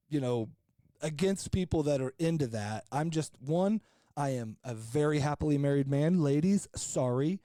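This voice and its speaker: A man's voice: fairly high pitch, dark tone, no echo, studio quality. A man on a podcast telling a long, rambling, jokey story in casual chat, with many fillers and restarts. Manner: jokey and frank. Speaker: podcast co-host.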